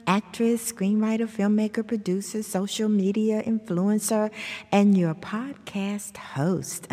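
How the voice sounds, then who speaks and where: A woman hosting a motivational podcast, upbeat and emphatic, chatty with many fillers and sudden leaps up in pitch. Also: measured pace, dark tone, long reverb tail. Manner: chatty, with many fillers and "you know, hey". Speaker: podcast host.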